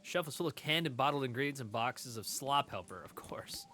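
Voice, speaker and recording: Bright, lively male game streamer. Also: medium pitch, fairly quick. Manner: chatty, laughs often, thanks chat. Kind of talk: casual let's-play commentary.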